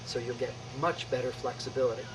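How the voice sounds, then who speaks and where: A middle-aged man teaching qi gong exercises on video, energetic and emphatic, calling out strikes with a loud "boom". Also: quick pace, noisy background. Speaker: qi gong instructor.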